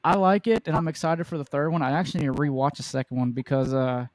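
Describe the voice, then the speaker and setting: A man's voice: a little high, fairly even intonation, quick pace, no echo. A man in a casual podcast chat, enthusiastic and opinionated, who jokes as he goes. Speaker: podcast participant.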